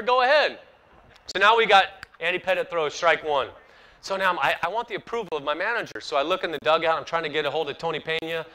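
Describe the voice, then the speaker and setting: A man in his forties spins a story for an audience at an outdoor ballpark, his voice pitched fairly high and bright. He acts out the other people's lines and laughs at himself as he goes, rising and falling with the tale. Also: poor audio. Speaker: former pro baseball player speaking at an event.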